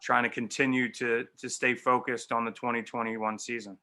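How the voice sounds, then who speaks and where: Flat-voiced reflective baseball manager man. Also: medium pitch. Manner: halting, reflective, many fillers. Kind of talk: casual interview.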